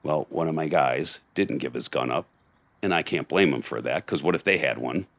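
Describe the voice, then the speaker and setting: A middle-aged man with an extremely low, deep voice tells a hard-edged story as a podcast guest, in blunt street talk. The sound is dry and close, with no room echo. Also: normal speed. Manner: gritty street-talk storytelling, acts out quotes. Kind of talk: storytelling in conversation.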